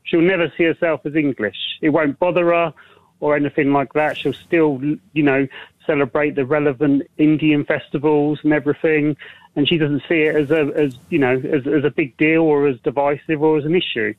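A man from Wales phones in to a radio show, stumbling over his words and restarting his sentences. His voice is slightly high. It comes through a dry, tinny phone line. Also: level tone, no room sound. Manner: halting, repeats words, fillers. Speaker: caller. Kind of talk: phone-in call. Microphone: telephone.

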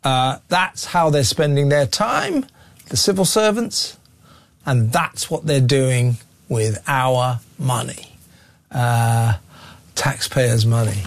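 A man hosting a talk radio show, speaking in an opinionated, sarcastic and animated way. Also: medium pitch, slow pace, dry recording.

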